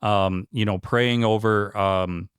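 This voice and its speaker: A man talks earnestly about his business in a relaxed interview, his low voice smooth and resonant. He speaks with heartfelt emotion and many fillers and restarts. The sound is dry and close. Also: slow, no echo. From Michigan. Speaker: franchise owner, interview guest. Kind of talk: casual interview conversation.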